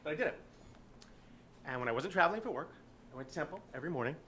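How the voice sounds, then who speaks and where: A man in his forties telling a funny personal story, animated and profane, often laughing. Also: a little high, rapid-fire, slight background noise. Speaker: guest storyteller.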